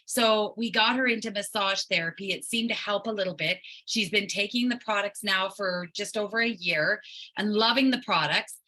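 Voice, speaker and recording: Woman guest, chatty storyteller, bright tone. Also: mid-range voice, normal speed, rough recording. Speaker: guest sharing a testimonial. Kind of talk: casual online call storytelling.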